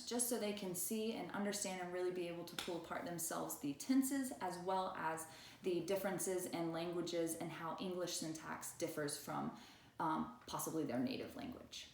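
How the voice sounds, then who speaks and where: A woman teacher walking through a grammar lesson, reading example sentences slowly and deliberately. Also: fairly low pitch, darkish tone, a little hiss or hum. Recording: echoey room, voice far from the mic.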